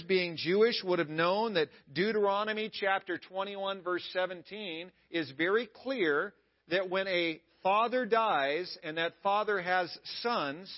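A man's voice: high voice, dull audio. A male pastor preaching a sermon at a church service in a conversational way, with playful asides to the congregation.

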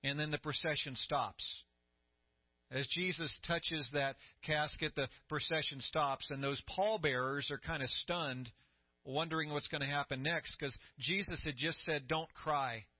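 A middle-aged man preaching a sermon as pastor, telling the story with growing excitement and a voice that climbs high. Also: a little slow, no room sound. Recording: dry, slightly dull sound.

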